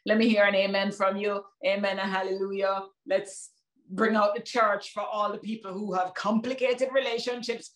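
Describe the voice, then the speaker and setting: A Jamaican woman performing her own spoken word poetry with rhythmic, emphatic delivery and dramatic pauses, breaking off for chatty asides to an unseen online audience. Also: medium pitch, little pitch movement. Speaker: poet and performer.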